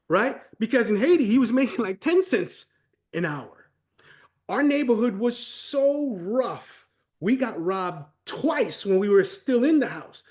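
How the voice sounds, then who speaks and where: High-pitched connecticut guy, animated storyteller on a webinar, really emphatic. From Connecticut, USA. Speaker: guest co-presenter.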